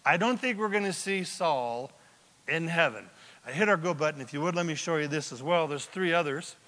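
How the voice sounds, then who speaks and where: A male pastor preaching a sermon, telling the story with animated, joking asides. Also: on the high side, fairly quick. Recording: long hall reverb.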